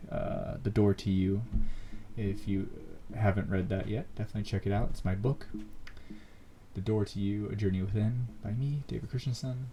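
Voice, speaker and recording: A man with a low, warm, mellow voice tells his own story as a podcast host. He talks casually and earnestly, full of little fillers, and grows animated as he goes. A faint hum sits under the recording. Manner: earnest, animated, many fillers like "like" and "you know".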